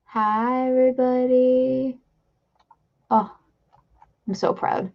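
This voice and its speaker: Woman streamer rambling to chat, gravelly fry, kinda muffled lo-fi mic. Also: high voice, fairly even intonation, takes it slowly. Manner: chatty, rambling, self-deprecating asides. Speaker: streamer host. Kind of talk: casual live-stream chat. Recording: slightly dull lo-fi stream mic.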